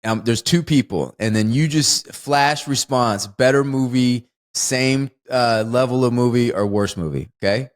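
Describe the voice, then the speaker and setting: A man co-hosting a podcast, chatting casually about a film with lots of laughter and excited jumps in pitch. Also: a little slow, hardly any pauses. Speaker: podcast co-host. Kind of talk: casual film review chat.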